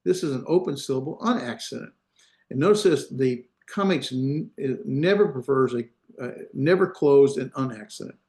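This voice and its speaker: A man's voice: mid-range voice, animated, normal speed, dark tone, reverberant. A man teaching a class over a video call, explaining step by step with many fillers and restarts. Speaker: Hebrew instructor. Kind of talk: online class lecture. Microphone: computer mic on a video call.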